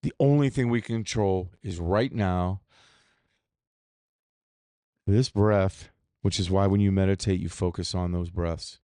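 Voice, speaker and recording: A man's voice: sits low, steady tone, a little slow, pauses often, warm tone, smooth, no room sound, clean studio sound. Candid, profane man hosting a podcast. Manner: candid, profane, rambling with restarts. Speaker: podcast host. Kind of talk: solo reflective podcast monologue.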